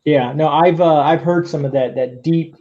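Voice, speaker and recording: A man's voice: fairly high pitch, fairly even intonation, moderate pace, dark tone. A man from the Florida Keys hosting a casual live-stream interview. He rambles, restarts often and laughs easily. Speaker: host. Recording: dull lo-fi stream audio.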